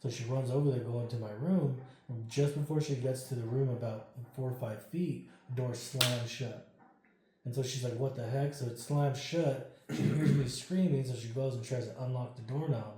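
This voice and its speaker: Dark-voiced man telling a ghost story. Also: medium pitch, normal speed. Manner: animated, acts out quoted dialogue, swears freely. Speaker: interview guest. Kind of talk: casual storytelling. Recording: very echoey room.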